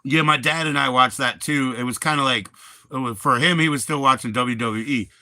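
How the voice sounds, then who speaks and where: Bright-voiced, profane, rambling livestreamer guy. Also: medium pitch, no room sound. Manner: rambling, profane, laid-back, drawn-out "dude". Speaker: livestream host. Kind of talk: casual livestream chat.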